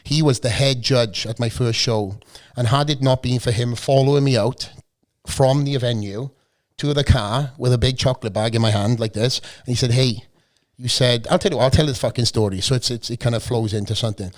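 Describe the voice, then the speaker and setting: Hoarse Welsh man telling swear-laced stories. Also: mid-range voice, brisk. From South Wales. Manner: swearing, storytelling, joking. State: a bit hoarse from a cold. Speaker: guest. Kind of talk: casual chat. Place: podcast studio.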